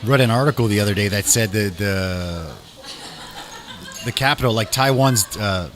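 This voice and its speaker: A man talking as a guest in a casual chat, a lively storyteller who acts out dialogue and drops in "man" and "dude". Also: on the low side, normal speed, a little hiss or hum. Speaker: guest musician and restaurant owner.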